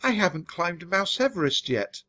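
A man's voice: very animated, unhurried, fairly bright tone, husky, full character voice. A man reading aloud, voicing a terrified male mouse who shrieks in panic. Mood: panicked. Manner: high, shrill outbursts. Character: panicking male mouse narrator, jittery and fearful.

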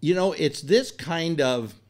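A man's voice: on the high side, slow. An older man hosting a talk show, telling a rambling personal story in a blunt, profane, exasperated way. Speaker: radio talk host.

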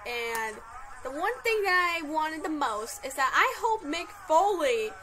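A woman hosting a live reaction to a wrestling broadcast, talking in excitable, gushing exclamations. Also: high-pitched, a little slow, crowd noise, rough recording.

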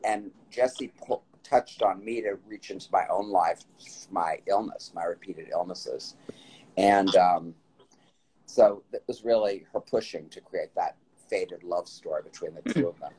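A man's voice: low voice, measured pace, husky, low-quality recording. A man hosting a casual phone live stream, telling rambling stories with many restarts. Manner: warm storytelling, rambling with restarts. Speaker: writer and host of the stream.

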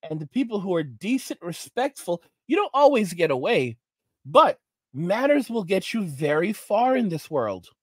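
A man's voice: high voice, no echo. Rambling man with a dry close voice. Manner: rambling, halting storyteller with many restarts. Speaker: commentary channel host. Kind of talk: reaction commentary monologue.

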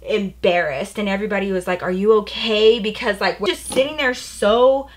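A woman's voice: mid-range voice, fairly quick, a little hiss or hum. A young adult woman chatting casually as she tells a personal story, with lots of "like" and "you know". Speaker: beauty vlogger.

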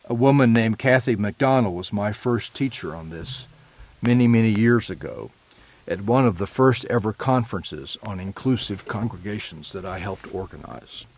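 A man delivering a prepared lecture in an earnest, measured way, now and then correcting himself mid-phrase. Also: fairly low pitch, expressive. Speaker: presenter.

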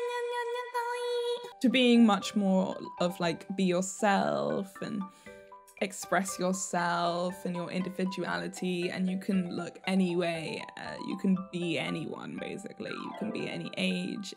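A woman's voice: mid-range voice, vocal fry. A woman vlogger chatting casually, giggling often as she talks. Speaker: fashion vlogger. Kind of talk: casual chat.

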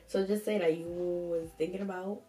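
Host, young woman: sassy, chatty storytime reader, low mellow voice, roomy echo, a bit off-mic. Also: fairly even intonation, normal speed, recorded from a distance, a little hiss or hum. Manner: sassy, chatty, reacts with slang asides. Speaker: host reading viewer stories. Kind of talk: casual storytime commentary.

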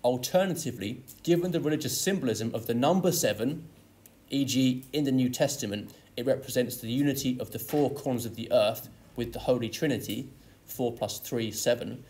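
A man's voice: mid-range voice, a little fast, a little mellow. A man teaching an English literature lesson, explaining a poem step by step and leaning on key words. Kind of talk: exam tutorial lesson.

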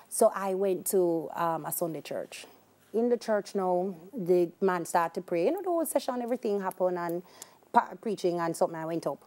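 A woman's voice: fairly low pitch, moderate pace. A young adult woman with a Jamaican accent telling a personal story in an interview, acting out voices and slipping into patois. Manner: animated, acts out quoted voices, slips into patois. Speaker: guest.

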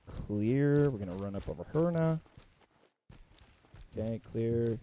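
Excitable young man yelling over gameplay. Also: mid-range voice, slow pace, a little hiss or hum. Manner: excitable, profane, bursts into yelps and shouts mid-play. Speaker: gaming content creator. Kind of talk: live gameplay commentary.

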